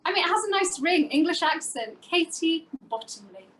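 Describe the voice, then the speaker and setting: High-voiced woman co-host telling stories. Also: a little fast, a little hiss or hum, rough recording. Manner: animated storytelling. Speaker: talk show co-host. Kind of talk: casual talk show chat.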